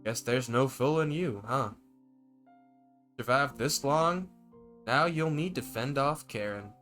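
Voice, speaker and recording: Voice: medium pitch, slow pace, a bit bright, soft background music. A streamer voicing Anatoly, a brooding and menacing man who lives below, with a put-on accent. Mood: taunting. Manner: put-on accent, taunting and ominous. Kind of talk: reading game dialogue aloud.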